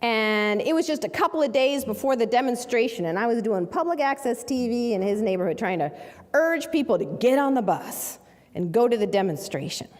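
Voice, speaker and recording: A woman who is a lawyer, telling a story in a dramatic, animated way. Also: a little high, brisk, in a large hall. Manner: animated, acts out quoted voices.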